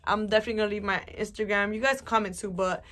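A woman's voice: medium pitch, very fast. A young woman talks straight to her viewers in a loose, rambling way. She swears often and leans on fillers as she tells her story. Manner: rambling, animated, swears a lot, many fillers. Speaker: vlogger. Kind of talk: casual storytelling to camera.

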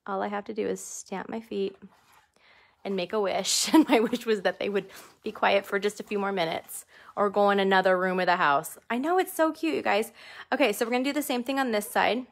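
A chatty woman demonstrating paper crafts live from her home craft room, her voice carrying a gravelly edge of vocal fry. She jokes about herself and laughs often as she works. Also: mid-range voice. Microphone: desk camera under studio lights.

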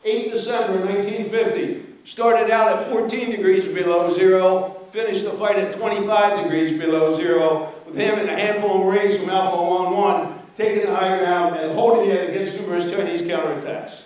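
A man's voice: sits high, fairly even intonation, normal speed, darkish tone. An older man giving a storytelling history lecture, conversational, often checking in with his audience. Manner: storytelling, conversational, asks okay. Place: lecture hall. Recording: very echoey hall from far off.

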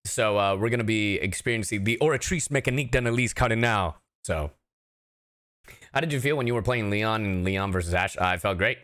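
A man who is a voice actor chatting casually with his livestream chat, animated and talkative, laughing often. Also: lowish voice, fairly quick. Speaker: voice actor streaming a reaction.

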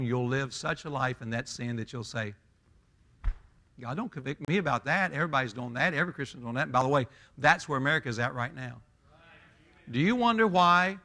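Forceful pastor preaching. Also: male voice, medium pitch. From Southern US. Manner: emphatic, folksy, swells loud when preaching. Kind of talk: sermon.

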